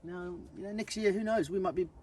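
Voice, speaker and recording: A man's voice: sits high, steady tone, fairly quick, a little mellow. A man with an Australian accent talking in a laid-back, matey way in casual banter at home. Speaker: vlogger's husband.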